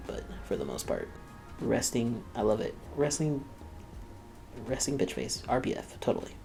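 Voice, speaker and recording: A man's voice: mid-range voice, very animated, normal speed, vocal fry, over music. A young man hosting a reaction video, chatting casually and laughing often as he quotes the people he watches.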